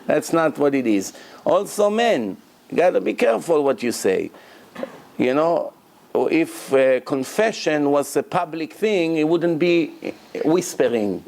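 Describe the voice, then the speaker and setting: This male rabbi's voice runs on the high side, swinging widely in pitch, unhurried and creaky, with a slight hiss or hum in the audio. Teaching Torah to his congregation, he hammers points by repeating words, speaks with non-native grammar, and bursts into loudly performed prayers and quotes.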